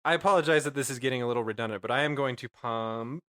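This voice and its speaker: Bright-voiced man, wry game player. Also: medium pitch, fast talker. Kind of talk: casual chat at a tabletop game.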